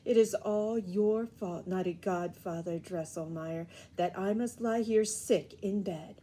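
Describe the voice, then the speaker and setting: A woman's voice: medium pitch, a little slow, dark tone, natural voice. A woman voicing a sick young girl in bed in a storybook reading, crying out with reproach. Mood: reproachful. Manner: reproachful outcry.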